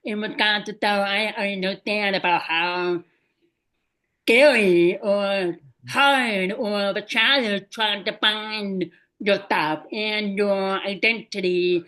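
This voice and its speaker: A woman's voice: mid-range voice, takes it slowly, fairly bright tone. A woman hosting a podcast, asking long, winding questions of her guest. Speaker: podcast host. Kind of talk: interview questions.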